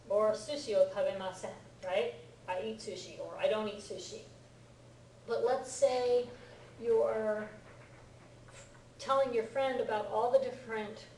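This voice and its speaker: Animated woman teacher, far and echoey. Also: on the high side. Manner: animated, acts out example lines, laughs often. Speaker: Japanese teacher. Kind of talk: lively one-on-one lesson. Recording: echoey room, far from the mic, faint noise.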